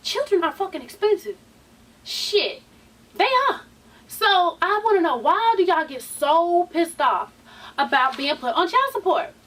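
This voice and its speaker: High-voiced woman, a sassy chatty vlog host, a little off-mic. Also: lively intonation, measured pace, a bit bright, far from the mic. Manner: chatty and sassy, swears freely, says "honey" and "sweeties" a lot. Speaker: YouTube TV show recap host. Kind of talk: casual reality TV recap vlog.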